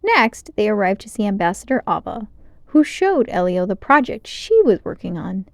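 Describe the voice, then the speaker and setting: A woman reading a children's novel aloud in a clear, expressive storytelling manner, close to the mic. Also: mid-range voice, normal speed, no echo. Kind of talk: children's book read-aloud.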